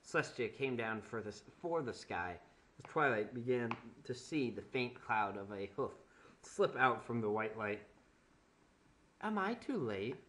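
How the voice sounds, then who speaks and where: A man's voice: lowish voice, normal speed, fairly bright tone, a little hiss or hum. A young man doing a mock-dramatic reading of a bad fanfic, with sarcastic asides about the writing. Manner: sarcastic, breaks into laughter and wry asides. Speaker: comedic fanfic reader.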